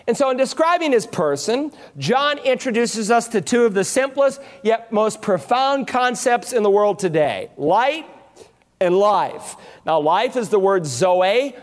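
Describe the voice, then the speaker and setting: A man's voice: sits high, very animated, unhurried. A man preaching a sermon from a church pulpit, emphatic and building his points in threes and with rhetorical questions. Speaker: pastor.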